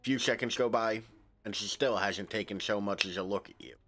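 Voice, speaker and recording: A man's voice: fairly low pitch, brisk, pushed and bright. A male streamer reading a narrative game aloud, dropping casual, wry asides between the lines.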